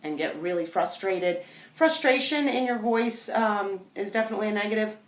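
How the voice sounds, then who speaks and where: Calm woman dog trainer, mid pitch, explains step by step to camera; roomy echo. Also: moderate pace. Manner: calm, explanatory, talks directly to viewers. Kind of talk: instructional demonstration to camera. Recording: echoey room.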